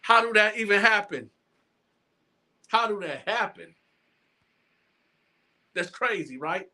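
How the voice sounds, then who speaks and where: A man with a high, bright voice talks to his viewers in a loose, animated storytelling style. He stumbles and restarts his phrases and repeats lines for emphasis. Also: takes it slowly. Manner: animated, repetitive, stammering restarts. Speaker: show host. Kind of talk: casual storytelling monologue.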